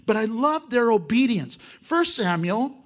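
Male pastor, high voice with big swings in pitch, lively and joking, asks his congregation rhetorical questions. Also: unhurried. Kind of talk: sermon.

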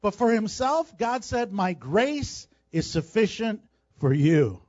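A man's voice: high voice, big pitch swings, takes it slowly, a little mellow, no room sound, lo-fi sound. A male pastor preaching a sermon, emphatic and repeating phrases for stress.

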